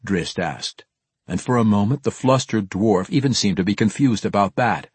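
A man narrating a fantasy audiobook in a measured, expressive storytelling manner. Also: on the low side, slightly rough, no echo.

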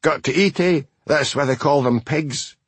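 A man voicing a fussy, gossipy older spinster woman with a shrill, indignant tone. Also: normal speed, slightly rough, no echo.

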